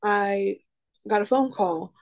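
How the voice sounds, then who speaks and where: Over poor audio, a woman in her twenties tells her recovery story at a slow pace in a medium-pitched voice. Candid and self-deprecating, she rambles and fills the gaps with "um" and "you know."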